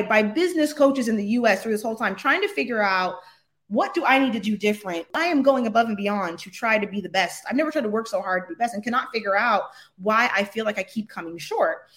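Animated American woman telling a story. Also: fairly high pitch. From United States. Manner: animated, laughs often, acts out quotes. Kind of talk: casual storytelling.

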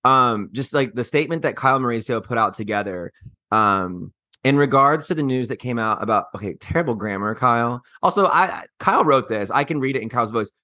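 A man from Mississippi co-hosting a podcast, chatting in a snarky, animated way. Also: medium pitch, brisk, dry recording, clean studio sound. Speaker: podcast co-host. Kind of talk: casual chat.

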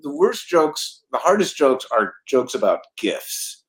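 A man's voice: mid-range voice, a little slow. An older man, a comedy writer, casually telling anecdotes, laughing often and acting out quotes. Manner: animated storyteller, laughs often, acts out quotes.

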